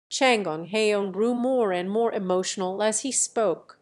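A woman narrating a translated web novel as an audiobook in an even, unhurried way. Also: mid-range voice. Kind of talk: scripted narration.

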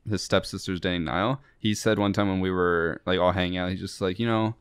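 A man's voice: deep voice, little pitch movement, brisk, smooth, no room sound, studio quality. A young man co-hosting a podcast, chatty and recalling shared memories in casual conversation. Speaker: podcast co-host. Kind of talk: casual chat.

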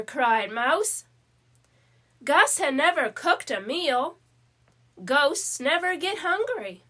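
A woman reading a children's story aloud in a slow, careful way. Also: extremely high pitch, sharp tone.

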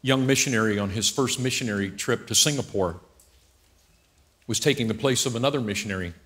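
A man's voice: mid-range voice, brisk. A male pastor preaching a humorous sermon at a church service, acting out scenes and joking as he goes. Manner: animated storyteller who acts out scenes and jokes.

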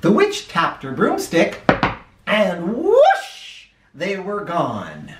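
A man reading a children's picture book aloud in a playful, animated way. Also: fairly high pitch, slow pace, background noise. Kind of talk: read-aloud storytelling for kids. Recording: echoey room, mic at a distance.

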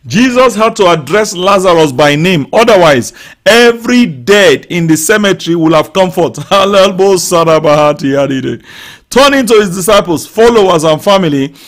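A man preaching a sermon in a high-pitched voice for his build. He reads scripture calmly, then turns fervent, crying out, declaring and praying loudly over the people listening. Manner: fervent preaching, rising to loud shouts; speaks in tongues and prays aloud over listeners. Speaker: pastor. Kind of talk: live-streamed sermon.

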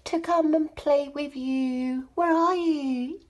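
A woman's slow, high-pitched voice with fairly even intonation brings to life a cheerful, curious little boy toy character in a kids' alphabet sing-along. Her delivery is sing-song, broken by delighted gasps.

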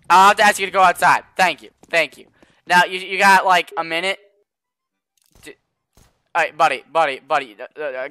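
Teen boy gamer, high and bright, bouncy delivery, dry close mic, shouty role-play. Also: no echo. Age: teens. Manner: animated, bursts into shouting. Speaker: gamer playing a restaurant worker. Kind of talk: playful game role-play.

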